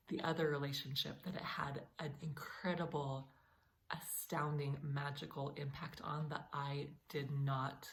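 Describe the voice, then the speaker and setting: A woman vlogger talking to camera in an earnest, encouraging way, speaking straight to her viewers. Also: low voice. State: a little emotional. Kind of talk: heartfelt talk to camera.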